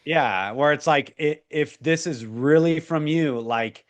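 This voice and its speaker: A man's voice: a little high, takes it slowly. A man in his forties, a guest in an interview, telling a personal faith story in an earnest, emotional way, full of restarts and fillers.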